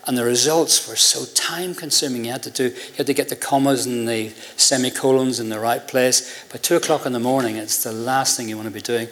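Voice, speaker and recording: An older Irishman telling a story to a room, lively and amused, slipping into other people's voices as he quotes them. His pitch sits in an ordinary middle range for a man. His telling is relaxed and full of chuckles. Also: a little fast, few pauses. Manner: animated, acts out quoted voices with a laugh in his voice. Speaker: interview guest. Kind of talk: anecdotal storytelling before an audience.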